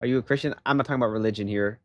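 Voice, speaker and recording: A young man chatting casually on a livestream, telling a story in an animated way and rising into loud exasperation. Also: medium pitch, very fast, no echo, dull audio. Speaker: live streamer.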